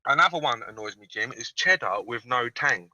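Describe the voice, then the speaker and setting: Sarcastic swearing man, very bright voice. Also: mid-range voice, animated, a little fast, no echo, poor audio. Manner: crude, sarcastic, swears freely. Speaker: caller. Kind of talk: casual video call-in chat.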